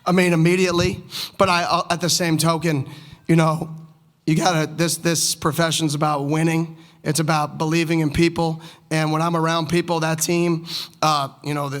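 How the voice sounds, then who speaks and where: A young man speaking as a head football coach at a press conference, emotional and fired up, repeating his points. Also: a little high.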